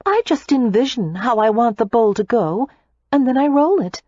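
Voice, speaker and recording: A woman narrator voicing a spirited, quick-tempered young American heiress, speaking breezily and indignantly. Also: fairly high pitch, lively intonation, a little mellow, husky, dry recording, dull audio, pitched above the performer's own voice.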